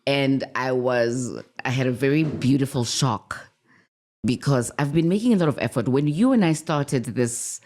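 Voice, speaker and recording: A podcast co-host whose voice swings widely in pitch, making it lively and expressive. This co-host tells stories with plenty of exclamations in relaxed, casual conversation. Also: moderate pace. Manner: animated storyteller with exclamations. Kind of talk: casual chat.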